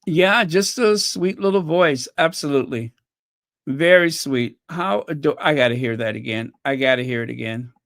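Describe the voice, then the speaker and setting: In a dry, studio-quality recording, a woman with a low voice runs a fan channel livestream at a moderate pace. She chats casually, reads viewer comments aloud, and thinks out loud while reacting to clips and comments.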